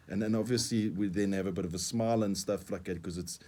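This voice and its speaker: A man's voice: low-pitched, steady tone, fairly quick, few pauses, a little mellow, slight background noise. A middle-aged man with a South African accent, speaking earnestly as a coaching guest on a radio talk show, often repeating words as he explains. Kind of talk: radio interview.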